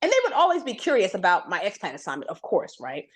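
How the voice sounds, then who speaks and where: Animated woman telling a workplace story. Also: fast talker, slightly rough. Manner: animated, acts out quoted voices with big pitch jumps. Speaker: guest. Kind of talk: storytelling in a conversation.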